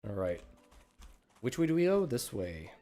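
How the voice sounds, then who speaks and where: A man's voice: mid-range voice, sing-song, normal speed, dark tone, soft background music. Guy rambling thru a game stream, pokes fun at himself, voice bounces up n down a lot. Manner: rambling, self-deprecating, thinks aloud. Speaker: gaming livestreamer. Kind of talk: casual live gameplay commentary.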